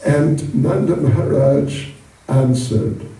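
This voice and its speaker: A man telling a story as a sermon, slow and animated, with frequent asides to his audience. His voice is fairly high but dark and mellow. It comes from a distance in a very echoey hall. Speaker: monk giving a talk.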